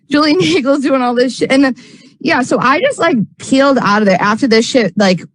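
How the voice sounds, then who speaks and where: A woman's voice: high-pitched, lively intonation, normal speed, rough recording. A woman telling a story in casual livestream talk, rambling with many fillers, swearing, and getting heated.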